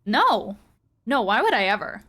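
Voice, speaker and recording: A woman's voice: fairly high pitch, big pitch swings, unhurried, fairly bright tone. A woman running a tabletop game as game master, moving from a casual, giggly recap full of swearing into descriptive narration.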